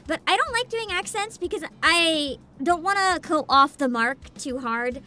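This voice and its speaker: A young woman streams a story game, playfully chatting with her viewers and giggling often as faint game music plays behind her. Her voice is extremely high-pitched with lively intonation and a measured pace, and her tone is bright and forceful.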